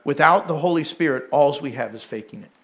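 A man's voice: on the high side, brisk, fairly bright tone. A middle-aged male pastor preaching a sermon, telling candid, self-deprecating stories with bursts of laughter.

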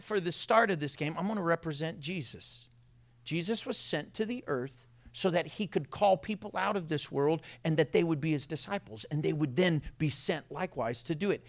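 A pastor preaching to his congregation in a church, playful and full of energy as he jokes at his own expense. His voice sits high for a man and sounds bright. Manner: playful, self-mocking, energetic. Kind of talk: sermon.

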